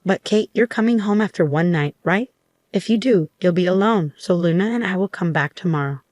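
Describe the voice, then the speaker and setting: A woman's voice: on the low side, lively intonation, a little fast, a little mellow, no room sound, lightly acted. A woman voicing a selfish, deceitful husband in an offhand, casual way within a spoken story.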